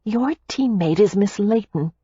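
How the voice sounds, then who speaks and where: A woman narrator voicing a spirited, quick-tempered young American heiress, speaking breezily and indignantly. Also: mid-range voice, expressive, dark tone, slightly rough, dry recording, lo-fi sound, voice pushed up.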